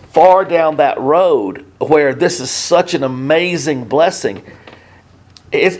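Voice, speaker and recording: Man in his fifties, informal halting preacher, shifts from quiet to emphatic. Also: on the high side. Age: 50s. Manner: conversational, halting with many restarts, swings between hushed and emphatic. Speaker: pastor. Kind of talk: sermon.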